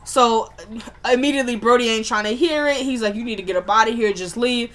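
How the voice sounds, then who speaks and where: A woman's voice: a little high, fairly quick, a bit bright. A woman casually recapping a TV episode in loose, slangy speech, trading characters' lines back and forth as she retells each scene.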